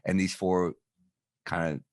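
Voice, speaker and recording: A man co-hosting a podcast, telling a lively anecdote in casual chat and swearing freely. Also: sits low, a little slow, no echo, clean studio sound. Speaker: podcast co-host.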